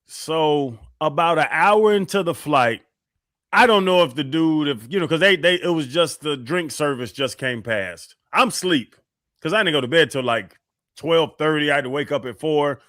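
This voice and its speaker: Animated male radio storyteller. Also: a little high, moderate pace, no room sound, clean studio sound. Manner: animated storyteller, acts out quotes. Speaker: radio show co-host. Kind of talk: casual storytelling on sports radio.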